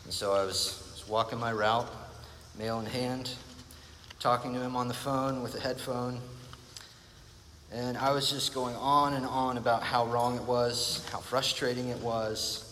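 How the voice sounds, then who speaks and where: A man preaching a sermon at an ordinary, middling pitch, his earnest and reflective words trailing into a long reverb. He often repeats phrases to drive a point home. Faint noise sits underneath the recording. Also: little pitch movement, a little slow, pushed and bright.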